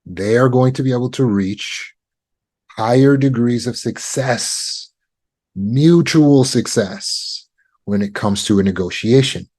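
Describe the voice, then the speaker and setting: A man coaching on trauma recovery, teaching negotiation skills in a calm, measured way with deliberate pauses. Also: mid-range voice.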